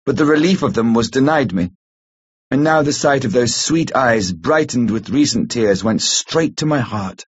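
Husky-voiced man reading a classic novel. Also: medium pitch, lively intonation, normal speed. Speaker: audiobook reader. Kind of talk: scripted narration. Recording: slightly muffled lo-fi recording.

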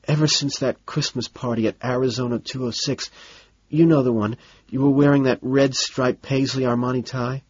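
A man's voice: mid-range voice, steady tone, moderate pace, husky, dry recording, muffled recording, pitched above the performer's own voice, close to an everyday voice. A man whispering as a breathless lovestruck man. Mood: hushed pleading. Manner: panting, hushed and pleading. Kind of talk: audiobook character voice.

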